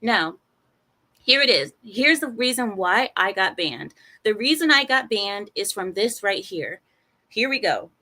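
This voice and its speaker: A young adult woman recounts a personal story straight to her audience in a lively storytime monologue. Her pitch sits in the middle, and she slips into quoted voices whenever the other people speak. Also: unhurried. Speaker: vlogger telling a personal story.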